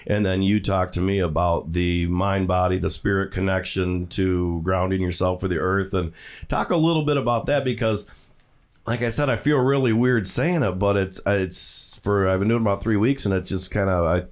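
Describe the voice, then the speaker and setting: A man hosting a casual podcast chat, often stumbling and repeating words as he asks his guests questions. His voice sits low. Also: fairly even intonation, moderate pace. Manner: repeats himself, talks in restarts, asks questions. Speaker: podcast host.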